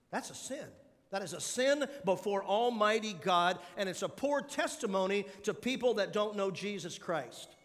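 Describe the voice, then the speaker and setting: A man's voice: high voice, fairly bright tone, big-room sound. A male pastor preaching a sermon in numbered points and putting questions to his congregation in a large church.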